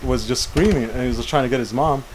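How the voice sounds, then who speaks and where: A man's voice: mid-range voice, fast talker, slight background noise, poor audio. A young man co-hosting a casual chat show, telling a long rambling story and often saying "how you call it". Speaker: podcast co-host.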